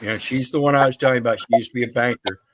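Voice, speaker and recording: A man hosting a casual chat, rambling and hesitant, often trailing off quietly. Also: mid-range voice, racing.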